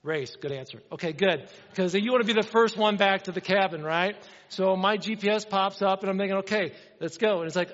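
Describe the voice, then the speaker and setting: A middle-aged man preaching a sermon, telling a story with animated energy and acting out the dialogue. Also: sits high, fairly quick, few pauses. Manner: animated, acts out dialogue in his stories. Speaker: pastor. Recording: dull sound with long hall reverb.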